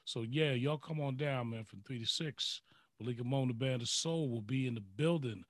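A man's voice: medium pitch, moderate pace, no echo. A man hosting a casual talk show, upbeat and encouraging as he asks his guests questions. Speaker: show host. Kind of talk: casual radio show chat.

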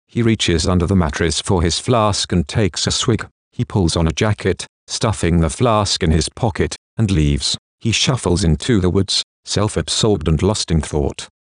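Deep-voiced man narrating an audiobook. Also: no room sound, clean studio sound.

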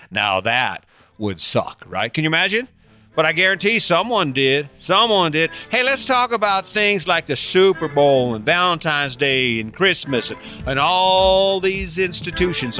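A man's voice: medium pitch, bright, forceful tone. An older man talking casually to his audience in a teasing, sarcastic way, rambling a little and chuckling as he goes. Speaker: vlogger. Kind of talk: casual monologue to camera.

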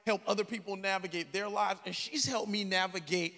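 A man preaching a sermon as a story, swinging from quiet talk to shouted peaks. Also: high voice, fairly even intonation, brisk. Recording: long hall reverb.

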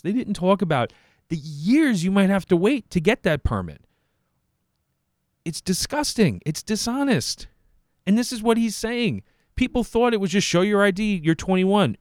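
Fired-up man, lively pitch. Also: dry recording, clean studio sound. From New York. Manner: profane, exasperated, sarcastic. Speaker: podcast host. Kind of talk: heated commentary on clips.

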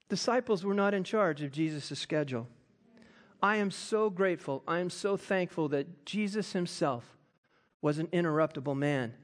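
A man preaching a sermon, animated and acting out quoted voices. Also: high voice, moderate pace. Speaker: pastor.

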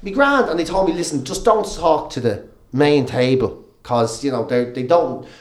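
An Irish comedian and radio presenter swaps swear-filled stories in a relaxed podcast chat, laughing as he goes. His voice sits in the mid range at a moderate pace, and the recording is reverberant.

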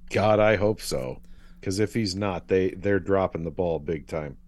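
Deep-voiced man with dry jokes. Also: unhurried, darkish tone. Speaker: podcast co-host. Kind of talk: casual movie recap chat.

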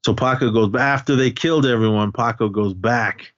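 A man co-hosts a podcast, recapping a movie's plot in casual chat and rambling with lots of fillers and restarts. His voice is medium-pitched and a bit bright, at a moderate pace. The recording is dry, with a dull lo-fi sound.

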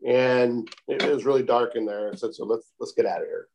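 Man, calm storyteller in casual interview, unhurried, mid-pitched, keeps adding "I said.". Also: creaky, noisy background. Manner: calm, unhurried, repeats "I said" often. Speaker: interview guest telling a story.

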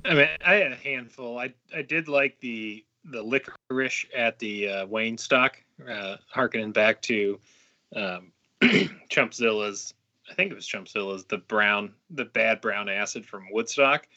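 A man on a casual movie podcast, speaking in a sharp, tense voice with lots of ums and restarts. He is quick to argue back, and his mic sounds slightly dull and lo-fi. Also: fairly low pitch. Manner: halting, argumentative, full of fillers. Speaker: podcast co-host.

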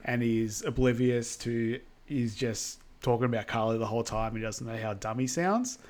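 A man's voice: medium pitch, normal speed, a little mellow. A man co-hosting a podcast, casually recapping a film with many ums and quoted lines. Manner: rambling, lots of ums and likes, quotes characters. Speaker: podcast co-host.

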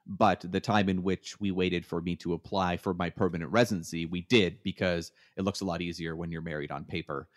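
A Canadian man telling stories in a relaxed chat, often pausing with fillers and restarting his sentences. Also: low voice. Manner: hesitant, many fillers and restarts. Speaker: guest. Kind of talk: casual storytelling.

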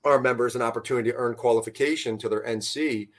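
A man's voice: medium pitch, steady tone, quick pace. A man who founded a fishing tournament trail, chatting casually on a podcast in a rambling way. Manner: rambling, many fillers and restarts.

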